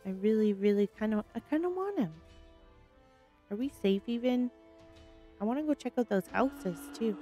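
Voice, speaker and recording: A woman hosting a solo gaming video, chatting casually through her play with panicky, excitable outbursts. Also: fairly high pitch, moderate pace, long pauses, faint music behind. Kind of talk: casual gameplay commentary.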